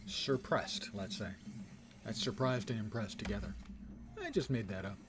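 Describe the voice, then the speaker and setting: A man's voice: on the low side, moderate pace. A man streaming a game, commenting casually with dry sarcasm and playful wordplay.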